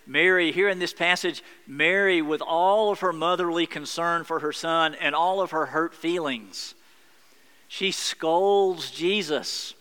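A male pastor delivers a sermon in an earnest, reflective way, building emphasis through repetition. His voice is slightly high, bright and smooth. The long reverb of a church hall carries it. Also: a little slow.

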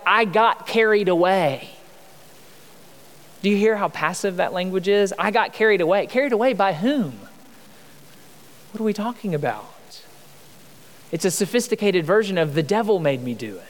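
Male pastor, 30s, conversational sermon delivery with rhetorical questions; high voice, long hall reverb.

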